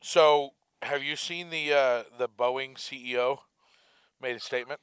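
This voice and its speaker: A man co-hosting a podcast, chiming in with upbeat quick remarks. His voice is bright and crisp at a middle pitch. It is recorded dry and close. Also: fairly even intonation, no echo. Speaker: podcast co-host. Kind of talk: casual podcast chat.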